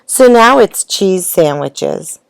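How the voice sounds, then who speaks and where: A woman's voice: medium pitch, animated, slow pace, vocal fry, clean tone, dry recording. Woman playing an eager young elephant girl. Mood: chatty. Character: eager young elephant daughter, helpful and hurried.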